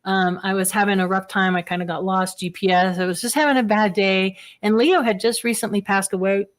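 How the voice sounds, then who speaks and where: A woman, a guest on an interview show, telling personal stories in casual talk, animated and laughing often. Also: medium pitch, brisk.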